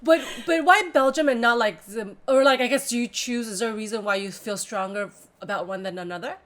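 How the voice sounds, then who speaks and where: A woman with a somewhat high voice co-hosts a podcast. She asks eager, tumbling questions and keeps the talk light and casual. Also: a little fast, a bit bright. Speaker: podcast co-host. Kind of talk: casual conversation.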